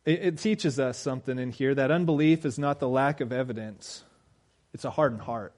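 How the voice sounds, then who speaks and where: A man's voice: medium pitch, moderate pace, darkish tone. A man in his thirties preaching a sermon in a conversational way, acting out quoted voices and building to emphatic peaks. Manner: acts out quoted voices of characters. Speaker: pastor.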